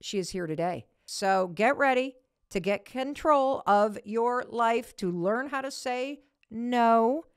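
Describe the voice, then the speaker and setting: A middle-aged woman hosting a podcast, telling a story in a casual, animated way and acting out quotes in a high voice. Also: slow pace, clear, resonant tone, dry recording, clean studio sound. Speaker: podcast host.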